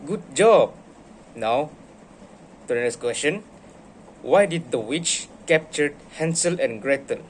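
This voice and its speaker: Male teacher, slow encouraging delivery, lively storytelling melody, slightly high voice, faint background hiss. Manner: slow, encouraging, animated reading. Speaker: teacher in a classroom role-play. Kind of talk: classroom teaching and story reading.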